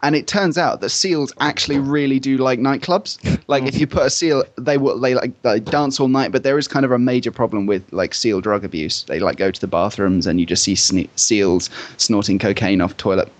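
A British man co-hosting a podcast, telling absurd jokes in a deadpan way. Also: mid-range voice, normal speed, few pauses. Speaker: podcast co-host. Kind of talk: casual chat.

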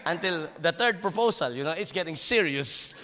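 A man preaching a sermon as a pastor, telling a personal story in an animated way, laughing at himself and stumbling over restarts. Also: fairly high pitch, moderate pace, big-room sound.

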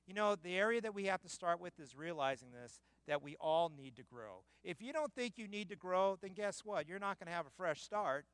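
Emphatic high-voiced male preacher. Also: animated, moderate pace, smooth, no echo. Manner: emphatic, swells to loud peaks. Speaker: pastor. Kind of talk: sermon. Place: church building.

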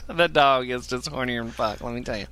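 A man spins a crude, funny story with a bright, forceful voice. He talks in an animated, profane way and keeps laughing at his own jokes as he goes. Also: mid-range voice, a little fast, slight background noise. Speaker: podcast storyteller.

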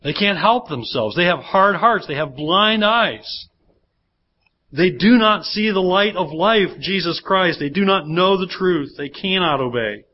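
Guy preaching a sermon, keeps asking the room questions, voice a bit high, muffled old church tape sound. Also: expressive, measured pace. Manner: asks the congregation frequent rhetorical questions. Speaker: pastor. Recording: dull lo-fi church sermon recording.

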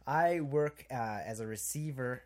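A man's voice: mid-range voice, unhurried. A man co-hosting a podcast, joking and laughing through the banter. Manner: joking, laughing, playful asides. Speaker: podcast co-host. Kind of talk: casual chat.

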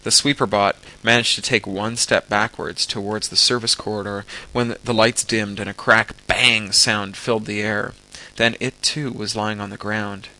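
Man, reading a story aloud, low voice, bright tone. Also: moderate pace, poor audio. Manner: steady storytelling with acted dialogue. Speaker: audiobook reader.

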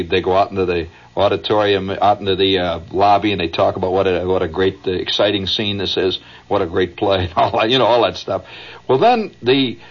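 A man's voice: lowish voice, husky. A man hosting a radio show, telling a rambling anecdote with chuckles and asides, recorded as a dull old broadcast. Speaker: radio host.

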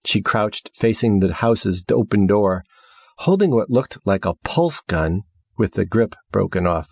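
A man reads a story aloud in a low, husky voice, moving freely up and down as he narrates. His delivery is measured and expressive, and the recording is close and completely dry. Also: dry recording. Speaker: audiobook narrator. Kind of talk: scripted narration.

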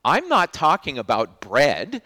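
Stern frustrated male teacher, acted by a man preaching, raised pitch, exasperated questions. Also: wildly swooping pitch, fast, creaky, breathy edge, big-room sound, full character voice.

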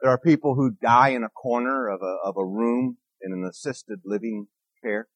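A man's voice: mid-range voice, normal speed, dry recording. A man preaching a conversational sermon as a minister, earnest, repeating key phrases and putting questions to the congregation.

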